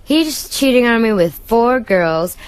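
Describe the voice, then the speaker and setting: A woman guest in a radio interview, telling a story with lots of energy and acting out what people said with sudden pitch jumps. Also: a little slow, slight background noise. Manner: excitable, acts out quotes with big jumps in pitch.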